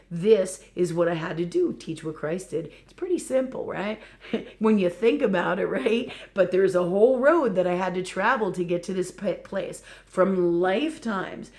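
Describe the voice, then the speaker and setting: A woman spiritual teacher giving a live talk, earnest and repetitive, often checking in with "okay" and "right". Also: mid-range voice.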